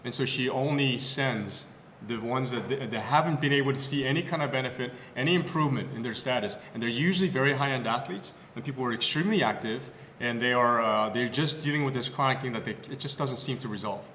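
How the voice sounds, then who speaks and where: A male physical therapist with a medium-pitched voice speaks quickly, telling patient stories casually and animatedly on a podcast, tripping over many fillers and restarts. The clinic podcast room echoes with long reverb, and a slight hiss or hum is present.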